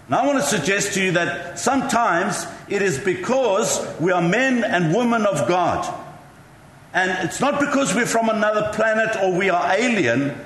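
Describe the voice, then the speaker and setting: High-voiced male preacher in an echoey hall. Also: expressive, normal speed, a bit bright. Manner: chatty, self-mocking storytelling. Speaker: pastor. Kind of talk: sermon. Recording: echoey hall with faint ambience.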